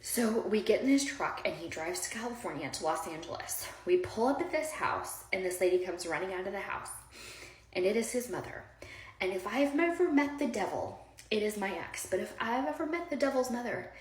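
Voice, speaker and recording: A woman casually telling a personal story to her viewers, rambling and heartfelt, with lots of fillers and direct asides to the audience. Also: mid-range voice. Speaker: storyteller recounting her own past. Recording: roomy echo.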